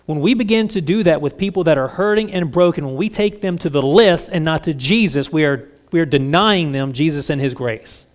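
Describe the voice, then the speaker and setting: A middle-aged man preaching a conversational sermon as pastor, candid and self-deprecating with lively asides. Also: on the high side, a little fast, few pauses.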